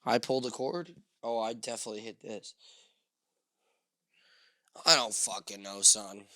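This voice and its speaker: A man hosting a solo podcast, rambling and swearing through self-mocking rants with sudden loud outbursts into a studio mic. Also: lowish voice, unhurried, dry recording. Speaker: podcast host.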